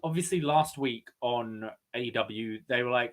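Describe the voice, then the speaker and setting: A man's voice: medium pitch, normal speed, hardly any pauses. A man co-hosting a podcast, chatting about wrestling with eager asides. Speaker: podcast co-host. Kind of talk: casual wrestling recap chat.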